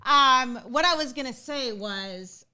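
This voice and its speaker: A chatty woman co-hosts a live podcast stream and laughs often. Her voice is high and bright, and it swings widely as she chimes in. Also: expressive, takes it slowly, clean tone. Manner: chatty, laughing, backs the host up. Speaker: podcast co-host. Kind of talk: casual live-stream chat.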